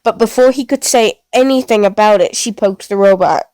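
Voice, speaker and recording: A woman narrating a story in a steady, plain reading voice. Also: medium pitch, moderate pace, smooth, no echo.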